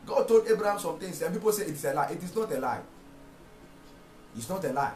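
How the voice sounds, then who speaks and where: A man preaching a sermon, repeating phrases and rising to shouted rhetorical questions. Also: on the high side, expressive, brisk. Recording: echoey room with faint music.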